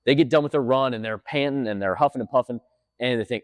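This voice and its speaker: A man talks to the camera at a brisk clip, energetic and emphatic, often repeating his point. His voice sits at an ordinary male pitch. The sound is dry and close, with no room echo. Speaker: fitness coach. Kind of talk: casual talk to camera. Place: gym.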